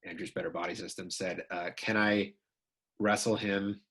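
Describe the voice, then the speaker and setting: A male host reading viewer questions with a relaxed delivery full of fillers. His voice is low and husky. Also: normal speed. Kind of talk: casual interview hosting.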